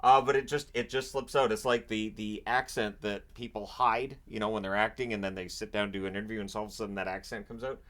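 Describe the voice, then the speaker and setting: A man's voice: fairly low pitch, fairly even intonation, fast talker, hardly any pauses, fairly bright tone. Rambling man chatting about hockey at home. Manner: rambling, self-interrupting, joking asides. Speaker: hockey channel host. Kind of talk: casual solo commentary. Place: home, washer running nearby.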